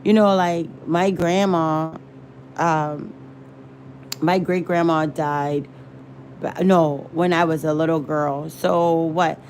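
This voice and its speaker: A woman's voice: deep voice, steady tone, slow pace, a little mellow, slight background noise. A woman rambling and searching for words in a casual livestream chat. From American South. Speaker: livestream host.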